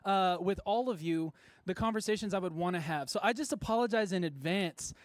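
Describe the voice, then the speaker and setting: Man, high-pitched, worship pastor, casual self-deprecating sermon, filler words, dry recording. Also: brisk, dry recording. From Texas. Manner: chatty, self-deprecating, laughs often, many fillers. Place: church service before a congregation.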